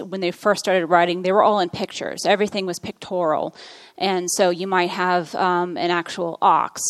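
A woman's voice: fairly low pitch, no echo. A woman preaching a sermon, reading scripture aloud and explaining it in an earnest teaching manner with frequent fillers.

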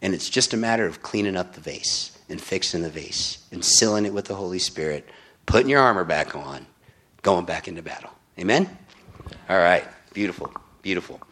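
A man's voice: deep voice, lively intonation, a little fast, a bit bright. A man preaching in an informal Bible-teaching style, often checking in with his listeners. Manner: informal, keeps asking "right?".

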